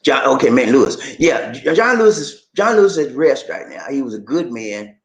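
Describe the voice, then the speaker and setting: Animated man chatting in an echoey room. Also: mid-range voice, fairly quick. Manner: animated, repeats phrases, drawls words. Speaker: channel host reading viewer comments. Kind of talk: casual livestream chat. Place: home in the Philippines.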